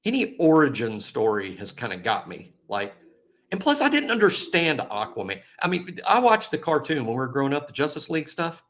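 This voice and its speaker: A man co-hosting a sports podcast, chatting playfully and stammering as he rushes through his ideas. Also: fairly high pitch, wildly swooping pitch, fairly bright tone. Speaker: podcast co-host. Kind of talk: casual sports talk.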